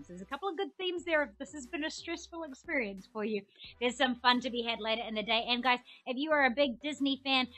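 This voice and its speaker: A woman's voice: on the high side, pushed and bright. A young woman hosting a live trivia game show, upbeat and chatty, reading questions and viewer comments aloud. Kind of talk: live-streamed quiz hosting.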